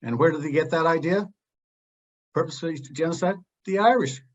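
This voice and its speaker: A man's voice: a little high, a little fast, dull audio. A man speaking as a panelist in a heated open discussion, blunt and impassioned, drifting into digressions.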